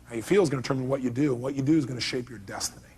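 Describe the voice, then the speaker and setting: A man's voice: mid-range voice, rapid-fire, a little mellow, husky. A middle-aged man giving a motivational seminar talk, emphatic and quizzing the audience with questions. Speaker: motivational speaker.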